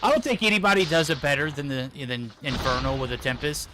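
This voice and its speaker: A man with a fairly high voice calls an esports match, firing off quick play-by-play over a headset. Gunfire and game effects clatter loudly under his voice. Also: animated, background noise. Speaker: esports caster. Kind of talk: play-by-play commentary.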